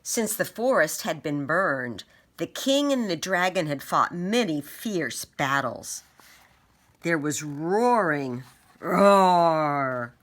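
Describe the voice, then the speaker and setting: A woman reads a picture book aloud, slow and lively in pitch. Her voice sits low, yet its tone is bright. She acts out sound effects as she goes. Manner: expressive, with spoken sound effects. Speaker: storybook reader.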